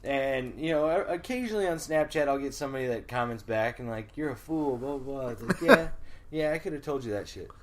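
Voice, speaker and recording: Man, thirties, podcast co-host, casual rambling chat, swears a lot, laughs easily, clears his throat. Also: medium pitch, quick pace, few pauses. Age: 30s.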